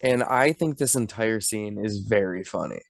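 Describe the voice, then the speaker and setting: A man's voice: on the low side, moderate pace, gravelly, no room sound, clean studio sound. A young man co-hosting a podcast, casually recapping a film in a laid-back way, chuckling as he talks. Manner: laid-back, chuckling, lots of filler 'like'. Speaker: podcast co-host. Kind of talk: casual movie recap chat.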